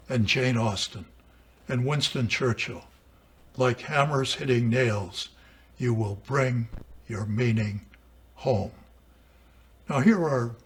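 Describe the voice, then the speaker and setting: Slow, husky-voiced man teaching writing. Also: medium pitch. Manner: measured, deliberate, with dramatic emphasis on quotations. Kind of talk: slow read-aloud lesson on composition. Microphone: camera mic.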